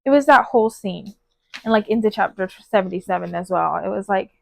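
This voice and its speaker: A woman's voice: mid-range voice, fairly quick, creaky, a little mellow, no room sound. A woman giving a casual, gushing book review on her phone, full of fillers and emotional asides. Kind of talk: casual spoiler book review with read-aloud passages.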